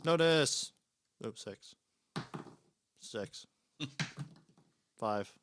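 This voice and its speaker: A man's voice: medium pitch, expressive, very slow, a bit bright. A man playing in a tabletop role-play game, talking casually and swearing freely. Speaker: player.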